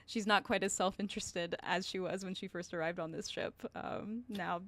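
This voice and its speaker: A woman talking casually about her tabletop character, eager and halting, with many fillers and restarts. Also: on the low side, steady tone, fairly bright tone. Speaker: tabletop game player. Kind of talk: casual post-session chat.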